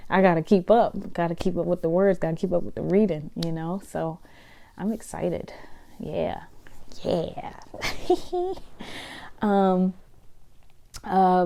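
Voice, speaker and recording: A woman hosts her own podcast, talking through her day in a loose, conversational way. Her voice sits low and sounds mellow and warm. She laughs often between her thoughts. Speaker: podcast host. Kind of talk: casual solo podcast monologue.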